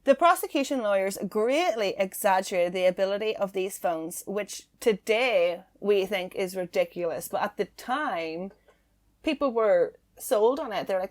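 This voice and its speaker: A woman hosting a casual true-crime podcast, chatty and quick to laugh. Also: mid-range voice, animated. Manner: chatty, laughs easily, filler-heavy. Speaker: podcast host.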